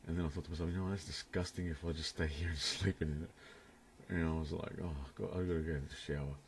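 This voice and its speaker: Indoors in a room at home, a young man rambles through a crude story to his camera, laughing frequently. His low voice stays steady as he talks fast, with slight background noise.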